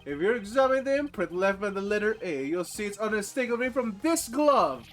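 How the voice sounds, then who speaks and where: A man voicing a loud, insecure young prosecutor who boasts and whines by turns. The voice is very high, bright and sharp, with faint game music behind. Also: sing-song, brisk. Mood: triumphant. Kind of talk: reading game dialogue aloud.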